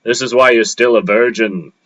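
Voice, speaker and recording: A man's voice: mid-range voice, moderate pace, a bit bright, close to an everyday voice. A man reading aloud, voicing a crude, sarcastic male spirit that speaks from a magic knife. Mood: mocking. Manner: mocking, profane.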